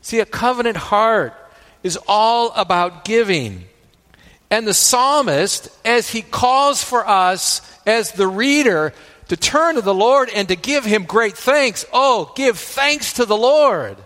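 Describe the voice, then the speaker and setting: A man's voice: sits high, animated, slow pace, fairly bright tone, in a large hall. A man preaching a sermon as pastor. He often checks in with the congregation by asking "right?" and retells scripture at length.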